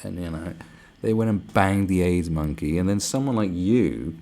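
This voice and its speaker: A man's voice: sits low, normal speed, mellow. Sweary man ranting on a livestream. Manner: profane, sarcastic ranting. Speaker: livestream host. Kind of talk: livestream rant.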